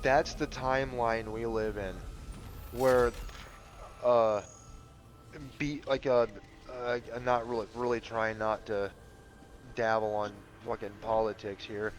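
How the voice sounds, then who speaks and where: Male gamer talking slowly and loosely, many fillers and curses, easygoing rambling chat. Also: mid-range voice, little pitch movement, a little hiss or hum. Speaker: gamer commentating a playthrough.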